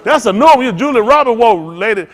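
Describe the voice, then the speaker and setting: A man's voice: very high-pitched, fairly quick. A man preaching to his congregation in a loose, joking style, talking straight to the room. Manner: animated, joking, talks to the congregation. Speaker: pastor. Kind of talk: freewheeling preaching with comic asides.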